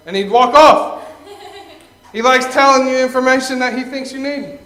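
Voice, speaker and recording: A young man doing Christian stand-up in a loose, chatty way, often chuckling at his own lines and slipping into quick character bits. His voice sits high for a man. The room around him is echoey. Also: fairly even intonation, fairly bright tone. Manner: conversational, chuckles at own jokes, acts out characters. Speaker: stand-up comedian.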